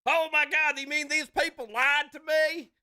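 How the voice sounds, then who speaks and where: Dude doing a freaked-out paranoid gamer guy, way high and shouty, swearing a lot. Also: level tone, normal speed, exaggerated voice. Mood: frantic panic. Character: panicking paranoid male gamer, frantic.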